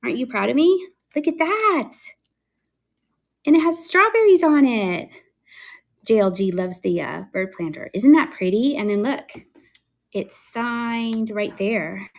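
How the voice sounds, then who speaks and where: A woman hosting a casual live-stream sale, chatting excitedly about her finds and laughing often. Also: fairly high pitch, moderate pace, creaky. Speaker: live online seller showing thrift finds.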